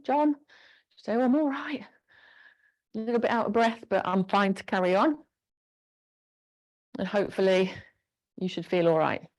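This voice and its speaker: A chatty woman leads a live online exercise class from a home room with a squeaky floor, encouragingly cueing the moves. Her lowish voice is creaky and a little mellow, picked up by a clip-on mic pack.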